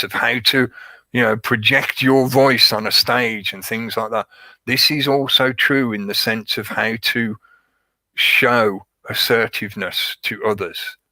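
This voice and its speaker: A man's voice: medium pitch, sharp tone, dry recording, rough recording. A man giving a casual, rambling monologue as a show host. He repeats himself and stresses his points. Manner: rambling, repetitive, emphatic. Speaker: podcast host.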